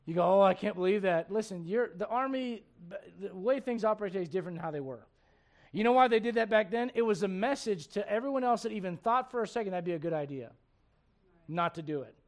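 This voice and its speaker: A man preaching with a strikingly high-pitched voice. He is animated, keeps throwing questions out to the congregation, and acts out the people he quotes. He sounds like he is in his forties. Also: fast talker. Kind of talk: sermon.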